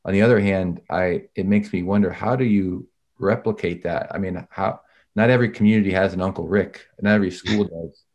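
A man hosting a podcast, asking long, thoughtful questions in a measured way, with careful hedges and restarts. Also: low voice, fairly even intonation, a little mellow, lo-fi sound. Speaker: podcast host, interviewer. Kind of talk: interview questions.

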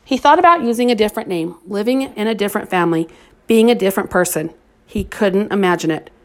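A woman reading a novel aloud as an audiobook narrator, in a steady, expressive storytelling manner. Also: mid-range voice, fast talker.

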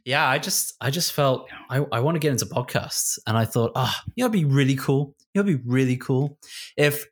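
A man's voice: mid-range voice, a little fast. A British man co-hosting a casual podcast, rambling, laughing and restarting his sentences. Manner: rambling, laughing, self-interrupting. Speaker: podcast co-host. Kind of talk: casual chat.

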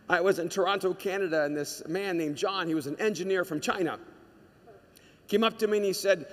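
Impassioned high-voiced man preaching in a hall. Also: fairly quick. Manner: impassioned, repetitive rhetorical cadence. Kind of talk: sermon with personal story. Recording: long reverb of a large hall.

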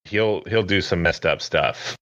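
A man co-hosting a casual wrestling podcast, recapping matches in a loose, lively way. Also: deep voice, measured pace, no room sound, highs cut off. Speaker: podcast co-host.

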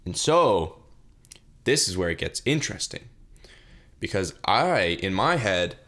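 Rambling low-voiced young man. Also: very animated, a little slow, bright, forceful tone. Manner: rambling, self-mocking, full of fillers and restarts. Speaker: podcast host. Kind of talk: solo comedic storytelling.

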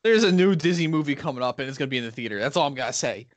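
Lively young man chatting dryly. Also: a little high, rapid-fire, no echo. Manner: joking, rambling with many fillers. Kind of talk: casual chat.

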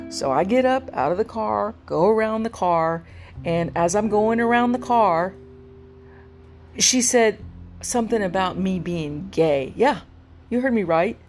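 A woman, a rideshare driver, telling an animated, indignant story to camera from her parked car. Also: medium pitch, a little slow, soft background music. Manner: animated, indignant, quotes others in acted voices.

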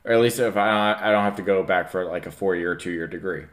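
A young man in his twenties, co-hosting a podcast, tells a story in loose, rambling chat packed with fillers and acted-out quotes. His voice sits low and he talks at a quick pace.

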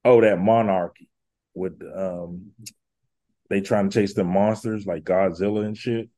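Laid-back man with a lowish voice. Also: fairly even intonation, measured pace, warm tone. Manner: laid-back, leans on filler words. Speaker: podcast host. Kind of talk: casual podcast chat.

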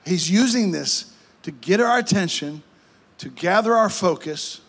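A male pastor, preaching a fervent sermon with repeated phrases and quick restarts. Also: high voice, expressive, vocal fry, fairly bright tone.

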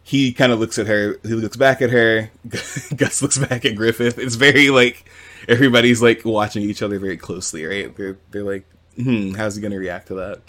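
A man's voice: lowish voice, moderate pace. A man co-hosting a podcast, casually retelling a manga chapter with swearing and acted-out quotes. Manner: animated storytelling with quoted voices and swearing. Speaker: podcast co-host. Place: home with cats nearby.

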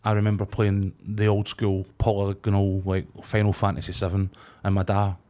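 A man's voice: lowish voice, monotone, moderate pace, mellow. A Scottish man in his forties chatting casually as a podcast co-host, telling stories and acting out quoted voices. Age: 40s. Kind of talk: casual chat.

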